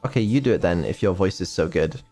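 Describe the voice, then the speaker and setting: A man's voice: low-pitched, animated, fast, mellow, faint music behind. A man chatting casually on a stream, rambling and offhand with lots of ums and casual swearing. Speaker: streamer and developer.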